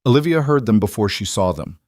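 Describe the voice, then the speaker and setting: A man with a fairly low voice narrates a romance audiobook in a measured, even storytelling manner. The recording is studio quality with no room sound.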